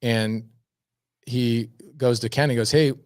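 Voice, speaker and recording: A man's voice: mid-range voice, a little fast, dry recording, studio quality. A man chatting as a podcast guest, telling stories with energy and emphasis, often repeating words for effect. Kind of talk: casual storytelling chat.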